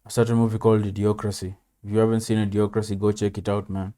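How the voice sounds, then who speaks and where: A man's voice: fairly low pitch, level tone, quick pace, dark tone. A man casually commenting on a video, laid-back, swearing and saying "man" often. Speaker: reaction video host.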